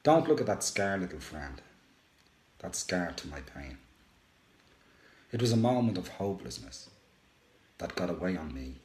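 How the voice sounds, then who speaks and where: Slow, emotive man reading in an echoey room. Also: deep voice, very animated. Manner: emotive, with dramatic rises and hushed drops. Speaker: radio show host. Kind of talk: dramatic reading of a first-person poem.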